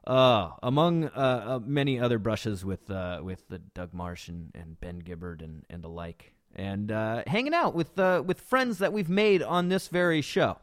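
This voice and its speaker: A man's voice: mid-range voice, animated, a little slow, few pauses, dry recording, clean studio sound. A man hosting a podcast and telling a story casually, rambling with many fillers and restarts. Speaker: podcast host.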